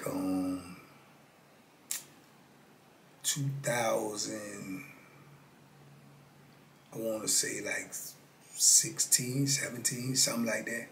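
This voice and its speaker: Animated slangy storyteller, a man. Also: lowish voice, very slow, long pauses, a little hiss or hum. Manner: animated, slangy, acts out dialogue. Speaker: interview guest. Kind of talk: casual storytelling.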